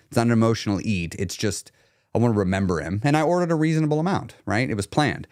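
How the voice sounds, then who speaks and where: A man coaching on weight loss during a live chat stream, blunt and emphatic, repeating his key points, and going quieter when he talks about himself. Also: fairly low pitch, animated, quick pace, no room sound, studio quality.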